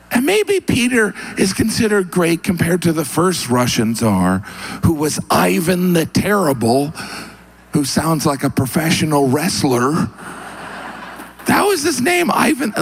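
A man performing a stand-up comedy routine on stage in a wry, deadpan storytelling manner. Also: a little slow, gravelly, breathy edge. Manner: wry, deadpan storytelling with sudden high-pitched asides.

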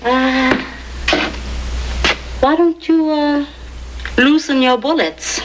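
An actress playing a coy, seductive woman, speaking slowly on a noisy film soundtrack. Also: high voice, steady tone. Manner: slow, coy and purring. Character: slinky seductive woman, a teasing temptress. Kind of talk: comic film acting.

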